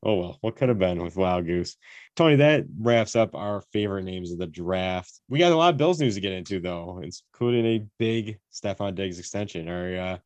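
A man's voice: deep voice, lively intonation, normal speed, a little mellow, no echo. A man from co-hosting a casual sports podcast, joking and laughing often as he talks. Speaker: podcast co-host.

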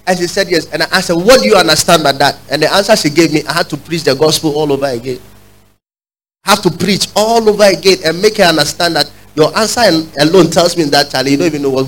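A male preacher with a fairly high voice delivers a fervent sermon in a church service. He calls on the congregation to repeat his lines back to him and climbs to loud, emphatic peaks. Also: quick pace, rough recording. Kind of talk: sermon with call-and-response.

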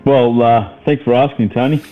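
A man's voice: medium pitch, fairly even intonation, normal speed, narrow, tinny audio. A man co-hosting a podcast, rambling with lots of fillers and swearing as he ribs his mates. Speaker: podcast co-host. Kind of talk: casual banter.

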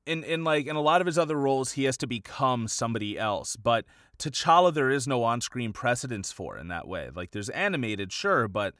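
A man co-hosting a podcast in a relaxed, conversational way. He rambles through his points, leaning on "like" and "you know" as he goes. His voice sits at an ordinary male pitch and sounds dry and close, with no room around it. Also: brisk, hardly any pauses, dry recording. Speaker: podcast co-host. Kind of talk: casual podcast chat.

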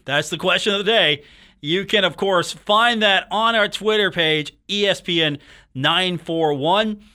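A man's voice: high voice, sharp tone. A man hosting a sports radio show in a studio, talking in a joking, teasing, rambling way. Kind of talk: casual sports talk radio monologue.

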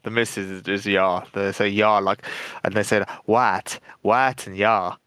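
A man's voice: fairly low pitch, level tone, moderate pace, bright, forceful tone, clear, resonant tone, dry recording. Laid-back man, podcast co-host. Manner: laid-back, laughing, slangy. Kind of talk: casual podcast banter.

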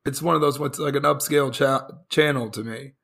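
A man with a gravelly, fraying voice co-hosts a casual podcast chat. He rambles loosely, restarting his sentences, and sounds worn out as his voice gives way. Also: medium pitch, steady tone, a little fast, a bit bright. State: voice fading, hoarse. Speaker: podcast co-host.

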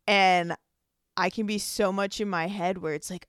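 In clean studio audio with no echo, a young woman talks through a relaxed solo episode of her podcast. She's chatty and rambling, dropping "like" constantly, with a medium-pitched, fairly bright, smooth voice, fairly even intonation and a measured pace.

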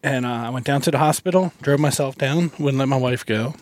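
A male guest in a van telling a story in a halting, casual way, chuckling now and then. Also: mid-range voice, no room sound. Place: inside a parked van.

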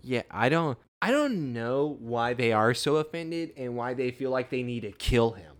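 A young man co-hosting a podcast, telling a TV episode in an animated, jokey way. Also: mid-range voice, normal speed. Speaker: podcast co-host. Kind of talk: casual recap chat.

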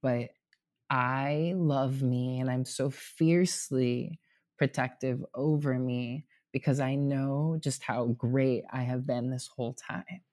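A man's voice: medium pitch, fairly even intonation, slow pace, a little mellow. A man in his thirties talking candidly and at length as a guest, rambling with lots of "like" and casual swearing, recorded at home. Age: 30s. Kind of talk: casual heartfelt conversation. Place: home apartment.

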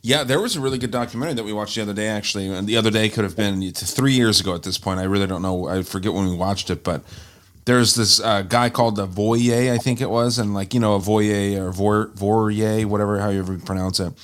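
A man's voice: on the low side, fairly even intonation, fast talker. Man, podcast co-host, young adult, casual chat, profane, rambling.

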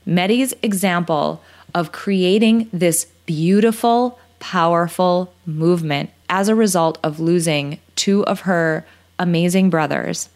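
A woman's voice: on the low side, a little slow, darkish tone. A woman in her thirties hosting a podcast, speaking earnestly and with feeling, closing an interview and giving a motivational recap. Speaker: podcast host.

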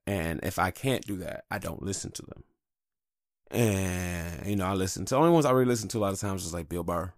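A man's voice: deep voice, creaky, dry recording, studio quality. A man hosting a podcast, talking in a candid, rambling, profane monologue. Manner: candid, rambling, heavy swearing. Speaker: podcast host.

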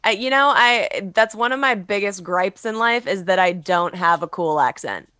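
A woman's voice: medium pitch, lively intonation, moderate pace, pushed and bright, no echo. A woman from Los Angeles, a guest author on a casual podcast, chatty and candid, swearing and laughing often. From Los Angeles, USA.

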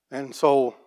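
A plain-spoken man tells a church testimony story as a farm operator, restarting his sentences and clearing his throat often. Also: mid-range voice, mellow.

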